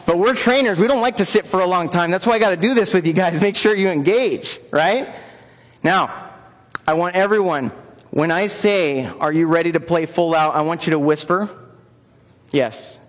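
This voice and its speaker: A man's voice: high voice, normal speed. A man presenting at a conference for personal trainers, upbeat and coaxing the audience into joining in. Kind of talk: interactive conference lecture. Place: large conference room. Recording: long reverb of a conference hall.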